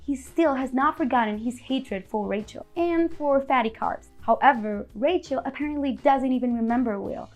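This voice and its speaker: A woman with a high voice who narrates a scripted language lesson. She explains words clearly and keeps an upbeat manner. Soft music plays faintly behind her. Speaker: language teacher.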